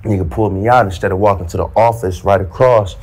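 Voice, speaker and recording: A man in casual storytelling, animated and slang-heavy, acting out the dialogue as he goes. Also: deep voice, quick pace, husky. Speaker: storyteller recounting prison life. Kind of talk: casual storytelling in a played interview clip.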